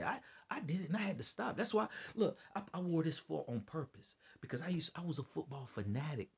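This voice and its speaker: A man's voice: mid-range voice, gravelly, slightly rough. A tired man rambling through an earnest, preachy monologue to his followers, often repeating himself. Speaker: vlogger giving religious commentary.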